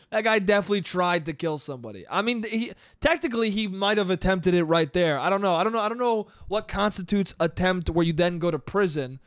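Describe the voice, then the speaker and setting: A man's voice: high-pitched, dry recording, studio quality. A man hosting a solo podcast, telling a story in a rambling, profane way and laughing at his own jokes. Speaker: podcast host. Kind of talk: casual storytelling monologue.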